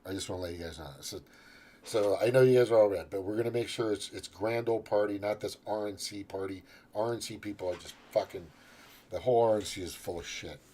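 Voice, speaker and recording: A man hosting his own show rambles through a profane, casual political rant, scrolling through and reading out his posts. His voice is on the low side and mellow, his pace quick, and he often restarts and trails off.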